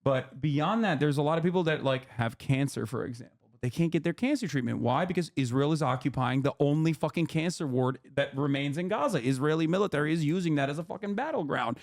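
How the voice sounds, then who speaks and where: A man with a fairly high voice explains politics on a stream, heated and animated. He swears freely and pushes each point hard. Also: fast, hardly any pauses.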